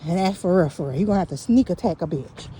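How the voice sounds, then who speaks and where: Female vlogger, warm low-toned voice, loud profane storytelling on a phone while walking, faint outdoor hum behind. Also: quick pace. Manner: profane, animated,喜 exclamatory. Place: outdoors on a dark street at night.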